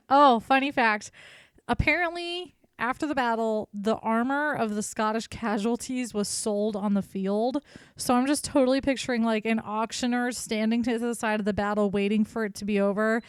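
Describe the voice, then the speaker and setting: A woman's voice: a little high, steady tone, moderate pace, clear, resonant tone, dry recording, clean studio sound. A woman co-hosting a podcast, telling history in a casual, irreverent way and swearing freely. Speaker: podcast co-host.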